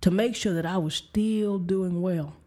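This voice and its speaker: A woman's voice: fairly low pitch, measured pace, warm tone. A woman preaching and telling a candid personal story of frustration and faith, with restarts and light laughs. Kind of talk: personal testimony sermon.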